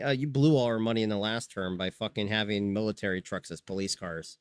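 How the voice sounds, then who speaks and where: A man's voice: mid-range voice, fairly even intonation, fast talker, hardly any pauses, clear, resonant tone, no room sound. A man streaming who chats casually, rambling and swearing, often restarting his sentences. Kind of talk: casual chat.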